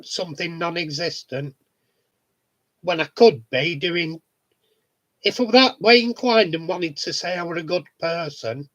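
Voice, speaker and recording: A man's voice: on the high side, a bit bright, poor audio. A man in a casual monologue vlog, talking bluntly, swearing freely and chuckling often. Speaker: vlogger.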